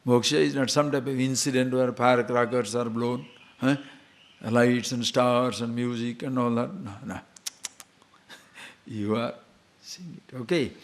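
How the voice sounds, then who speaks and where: A man's voice: mid-range voice, steady tone. Man, spiritual lecture, emphatic, rhetorical questions. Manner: emphatic, rhetorical questions, chants verses slowly. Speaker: spiritual teacher. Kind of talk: lecture on scripture.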